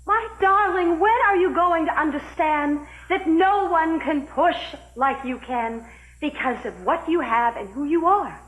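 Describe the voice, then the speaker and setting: Calm wife, 1980s soap opera, high voice, firm, gently reproachful. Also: female voice, unhurried, reverberant, poor audio. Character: patient, composed wife of a powerful man.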